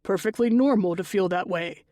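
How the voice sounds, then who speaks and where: A middle-aged stepfather, soft-spoken yet quietly controlling, voiced by a woman reading the story. He lectures with a firm, even edge and keeps his voice low. The sound is dry and close, with no room around it. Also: normal speed, no room sound, close to an everyday voice. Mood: reassuring.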